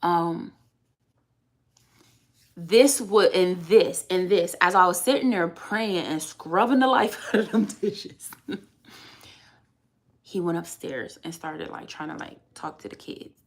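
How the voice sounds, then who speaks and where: A woman's voice: fairly low pitch, takes it slowly, pauses often. A woman in her thirties, a mother of three, venting in a candid, emphatic and rambling way on a casual vlog.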